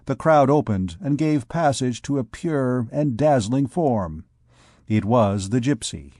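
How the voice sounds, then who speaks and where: A man reading a classic novel aloud as an audiobook narrator, measured and deliberate. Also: medium pitch, expressive, warm tone, no echo, studio quality. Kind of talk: scripted narration.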